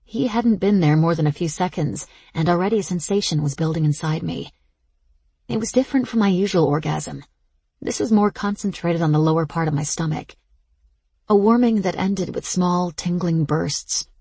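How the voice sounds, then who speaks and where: Brief: woman audiobook narrator, intimate and slow, husky and gravelly. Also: deep voice, mellow, no echo. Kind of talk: first-person audiobook narration.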